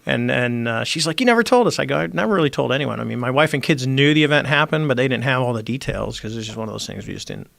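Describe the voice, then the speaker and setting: A middle-aged man with a gravelly, mid-pitched voice tells a story as a podcast guest and acts out the quoted lines. He speaks into a close mic in a dry studio. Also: fast talker, few pauses, no room sound. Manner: animated, acts out quoted dialogue. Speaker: podcast guest, former Navy squadron commander. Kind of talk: conversational storytelling.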